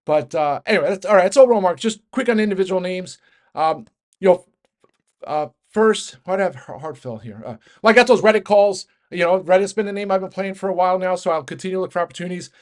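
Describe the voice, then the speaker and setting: Fast-talking man ranting about markets. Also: sits high. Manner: rapid, rambling, many restarts and filler. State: out of breath. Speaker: market commentator. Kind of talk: fast casual market rant.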